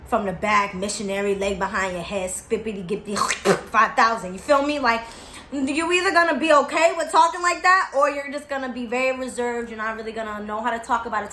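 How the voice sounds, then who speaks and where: A woman's voice: on the high side, sharp tone, reverberant, slight background noise. A woman in her twenties talking candidly to camera, blunt and profane, repeating her reassurances for emphasis. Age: 20s. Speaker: vlogger.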